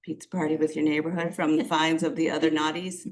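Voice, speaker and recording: A woman's voice: sits low, little pitch movement, fast talker, crowd noise. A woman from the university side at a town committee meeting, casual and a little joking, often trailing off.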